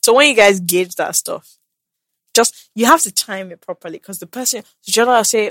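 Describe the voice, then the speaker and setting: A young woman from Nigeria co-hosting a podcast in casual, animated chat, with playful mock-smug asides. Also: mid-range voice, quick pace, no room sound, studio quality. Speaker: podcast co-host.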